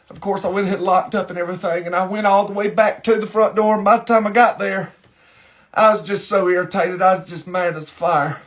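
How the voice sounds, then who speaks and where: A man's voice: sits high, natural voice. A man playing a chatty, easily irritated middle-aged Southern woman with a Southern US accent, who rambles on in a folksy drawl. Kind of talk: character monologue to camera.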